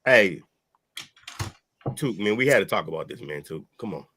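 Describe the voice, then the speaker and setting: A man's voice: low-pitched, expressive, normal speed, pushed and bright, slight background noise. A man hosting a casual sports show with friends, loose and joking, swearing often. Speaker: sports podcast host.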